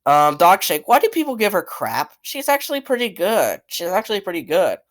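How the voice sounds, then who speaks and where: A man's voice: high voice, big pitch swings, brisk, a bit bright. A man giving casual, opinionated commentary as a channel host, blunt and rambling, swearing freely and repeating himself. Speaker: channel host ranking cartoon characters.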